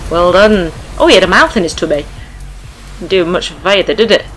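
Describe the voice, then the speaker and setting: A British woman playing a video game, cursing, shouting at her character and laughing as she plays. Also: on the low side, fairly quick, faint music behind, low-quality recording. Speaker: gaming streamer. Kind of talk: casual let's-play commentary.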